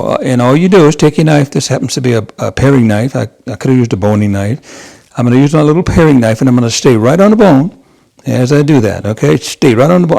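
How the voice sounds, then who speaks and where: A man's voice: mid-range voice, creaky, mellow. A man hosting his own cooking channel, talking viewers through a kitchen task in a chatty, rambling way, calling them guys and making self-deprecating asides. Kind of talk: casual cooking demonstration. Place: home kitchen.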